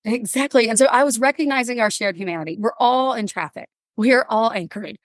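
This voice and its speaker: A woman, a counselor and podcast guest, telling lively stories in a casual interview and acting out what she and others said. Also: a little high, brisk, no echo. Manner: animated storyteller, acts out quotes.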